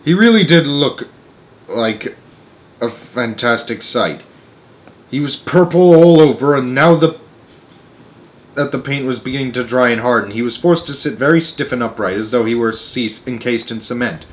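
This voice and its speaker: A man reading a children's book aloud as storyteller, expressive with varied pacing. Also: mid-range voice, normal speed.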